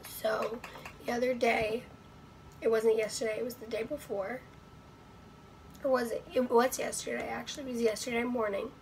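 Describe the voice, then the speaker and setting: Woman, vlogger, hoarse and husky, slightly high voice, rambling, dips into whispers, bedroom. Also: slight background noise, rough recording. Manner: rambling, many "like" fillers, drops to whispers. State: hoarse, voice nearly gone. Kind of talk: casual talk to camera. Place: her bedroom.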